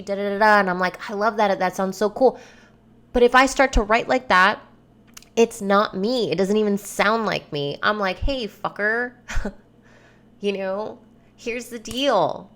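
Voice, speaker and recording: A woman's voice: mid-range voice, a bit bright. A woman hosting her own podcast, talking candidly and loosely in a rambling monologue, swearing freely. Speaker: podcast host and coach. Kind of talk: casual solo podcast monologue.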